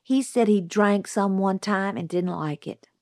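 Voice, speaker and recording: A woman's voice: mid-range voice, measured pace, a little mellow, no echo, clean studio sound, close to an everyday voice. A woman voicing an outspoken young tomboy girl who asks eager, indignant questions.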